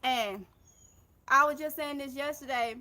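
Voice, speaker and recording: A woman's voice: high voice, measured pace, pushed and bright. A woman in her thirties with a Mississippi Southern accent, chatting casually on a gardening livestream and reading viewer comments aloud, effusive and calling her viewers y'all. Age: 30s.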